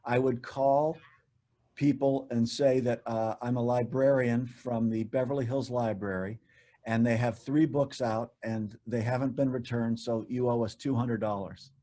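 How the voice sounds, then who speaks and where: A man chatting casually as a guest, relaxed and self-deprecating as he looks back on his writing and voice work. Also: mid-range voice, measured pace. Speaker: guest, animation writer and voice actor. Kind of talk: casual chat.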